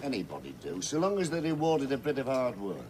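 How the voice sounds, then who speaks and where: A blunt door-to-door brush salesman played by an actor, grousing about his lot. His pitch moves a lot as he talks. Faint hiss sits behind him. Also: sing-song, fast, a little mellow, natural voice.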